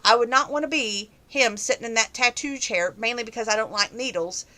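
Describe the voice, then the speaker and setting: A woman's voice: on the high side, fairly quick, pushed and bright. A young woman answering viewer questions in a casual, opinionated chat that grows heated on some topics.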